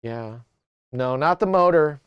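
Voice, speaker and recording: Joking man streaming live, smooth clear voice, dry close sound, mid pitch. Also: lively intonation, slow, no room sound, lo-fi sound. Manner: chatty, joking, talks to his tracking camera. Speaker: livestream host. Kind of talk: casual chat to a livestream.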